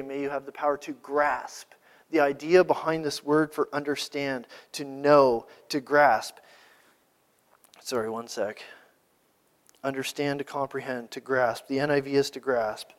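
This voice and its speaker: A man preaching a sermon, asking rhetorical questions and building to emphatic peaks. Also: mid-range voice. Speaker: pastor.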